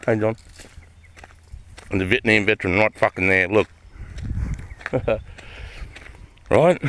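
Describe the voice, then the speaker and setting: With no room sound in the recording, a middle-aged Australian ex-army man vlogs casually in a voice on the high side. He swears freely, stresses everything hard and keeps circling back to the same points.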